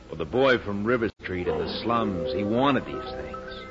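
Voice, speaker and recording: A man's voice: on the low side, expressive, unhurried, music in the background. A man playing a vain, theatrical informer in a 1940s radio drama, dramatic and self-mocking. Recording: dull old radio broadcast.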